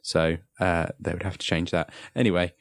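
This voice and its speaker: A man with a very low voice chats casually on a podcast. He talks haltingly, full of "uh"s and restarts. The sound is close and dry. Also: flat delivery, no echo. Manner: hesitant, many "uh"s and restarts. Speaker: podcast co-host. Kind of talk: casual chat.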